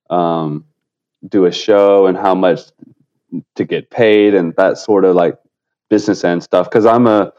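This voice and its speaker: A man calling in as a podcast guest, talking in a relaxed, thinking-aloud way. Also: deep voice, clear, resonant tone. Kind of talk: casual podcast chat. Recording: dull lo-fi call-in line.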